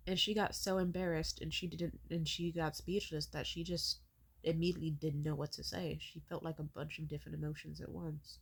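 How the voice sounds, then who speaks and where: A woman in her twenties telling a personal story as a bitter, profane rant, with her voice swinging up and down as she gets animated. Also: gravelly. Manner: wide pitch swings when animated. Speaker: vlogger.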